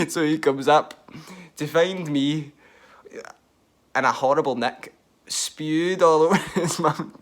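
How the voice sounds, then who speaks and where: A man's voice: a little high, slow pace, pauses often. A young man telling a self-mocking story in casual style, often laughing. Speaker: vlogger.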